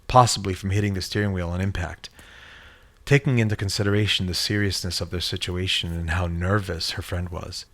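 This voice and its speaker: A man reading a horror story in a measured, dramatic storytelling manner. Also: low voice, a bit bright. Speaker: narrator. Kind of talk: scripted horror story narration.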